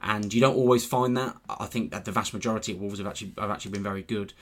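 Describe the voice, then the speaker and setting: A man's voice: lowish voice, fairly even intonation, rapid-fire. A man co-hosting a football podcast, chatty and teasing with his co-host, laughing easily. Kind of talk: casual podcast chat.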